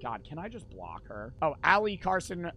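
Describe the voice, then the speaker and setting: A man's voice: fairly high pitch, sing-song, moderate pace. A young man streaming a horror game, reading its text aloud, swearing a lot and talking to his chat.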